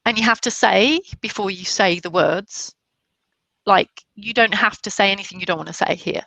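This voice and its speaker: A woman's voice: medium pitch, normal speed, gravelly, sharp tone, dry recording. Chatty woman with a Black Country accent. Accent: Black Country English, softened. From Black Country, England. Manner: chatty, laughs often, many restarts. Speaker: guest. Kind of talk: casual interview chat.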